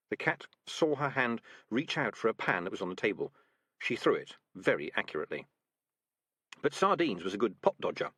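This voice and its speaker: A man reading a comic fantasy novel aloud as narrator, with lively storytelling. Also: lowish voice, breathy edge, no room sound, studio quality. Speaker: audiobook narrator. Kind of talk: scripted narration.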